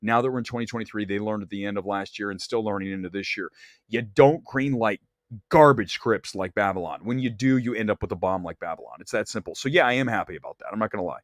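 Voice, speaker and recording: Guy hosting a movie talk show, blunt and opinionated, animated when ranting, dry close sound. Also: lowish voice, quick pace, dry recording. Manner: blunt, opinionated, straight-talking. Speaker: host. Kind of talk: box office commentary monologue.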